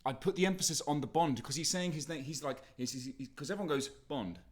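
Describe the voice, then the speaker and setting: A man's voice: fairly high pitch, quick pace. A young man, co-hosting a casual chat, talking animatedly and swearing freely while mimicking other people. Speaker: podcast co-host.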